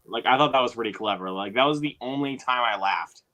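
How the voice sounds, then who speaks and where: Bright-voiced young man chatting casually. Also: mid-range voice, fast, lo-fi sound. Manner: rambling, laid-back, many fillers. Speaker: streamer host. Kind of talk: casual chat.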